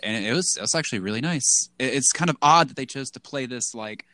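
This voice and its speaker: A man's voice: mid-range voice, expressive, fast talker, sharp tone, no echo. A man co-hosting a casual podcast, rambling with lots of "like" and restarts. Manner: rambling, full of "like" and restarts, acts out quotes in a goofy voice. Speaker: podcast co-host. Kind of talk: casual chat.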